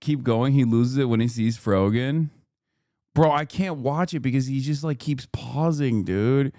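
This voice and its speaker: A man's voice: mid-range voice, measured pace, warm tone, dry recording. A man in the middle of his range rants through a live stream reaction, swearing freely and firing indignant questions at his audience. His voice sits close and dry, with no room sound around it. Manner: heated, profane ranting. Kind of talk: casual live-stream commentary.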